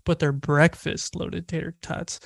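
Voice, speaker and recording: Laid-back man with a slightly high voice. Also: flat delivery, measured pace, creaky, dry recording, clean studio sound. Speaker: podcast co-host. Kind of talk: casual chat.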